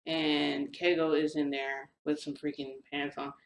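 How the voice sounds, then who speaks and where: A woman's voice: sits low, little pitch movement, a little slow, a little hiss or hum. A woman casually telling her viewers a rambling story, full of fillers and mild slang. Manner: chatty, rambling, lots of "like" and "freaking". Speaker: vlogger recounting a shifting experience. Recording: roomy echo with faint ambience.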